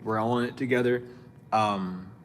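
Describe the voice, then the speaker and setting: A man's voice: fairly low pitch, slight background noise. A man giving a casual spiritual reading to camera, blunt and scolding, in profane street slang. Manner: animated and scolding, with quick laughs. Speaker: spiritual reader.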